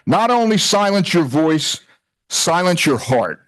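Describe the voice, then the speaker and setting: A man's voice: high voice, sing-song, unhurried, a bit bright. An older man giving a loose, chatty talk at a retreat, joking and often wandering off his point. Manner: chatty, rambling, self-interrupting, jokey. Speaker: retreat speaker. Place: retreat house hall.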